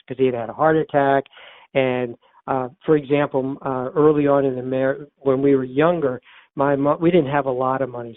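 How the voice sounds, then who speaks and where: A man's voice: mid-range voice, dry recording. An older man, an author and therapist, telling a personal story in an interview, earnest and repeating phrases for emphasis. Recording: tinny phone-line sound, dry.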